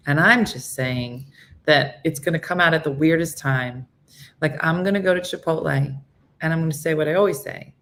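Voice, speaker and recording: A woman's voice: low-pitched, normal speed, long pauses, a bit bright, slight background noise. A middle-aged woman hosting a morning show, chatting in a casual, self-mocking way and acting out quotes. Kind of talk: casual comedic monologue chatting with live viewers.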